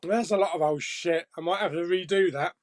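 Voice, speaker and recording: A man's voice: sits high, a little fast. A man hosting a casual live chat stream and reading viewer comments, jokey, laughing often and swearing casually.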